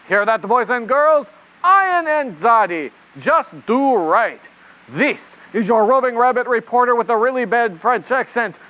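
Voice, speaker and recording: Brief: a rabbit reporter puppet for kids, squeaky and lively, hammy fake French accent. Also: male voice, heavily acted, low-quality recording. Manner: silly put-on French accent. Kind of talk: children's puppet show.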